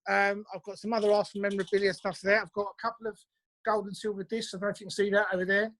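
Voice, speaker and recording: A man from England, a musician guest, telling chatty anecdotes with quick asides over a video call from his home. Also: sits high, level tone, a bit bright. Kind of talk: casual interview chat.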